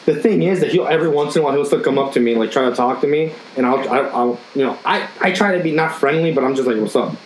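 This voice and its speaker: A man's voice: on the high side, very fast, few pauses. A young man and factory worker in casual chat, blunt and heated, swearing constantly. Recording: roomy sound with faint noise.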